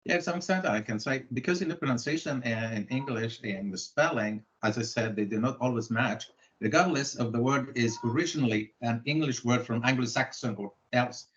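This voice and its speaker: A man, an English language expert, talking in a measured, lecturing way in an online discussion. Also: medium pitch, muffled recording.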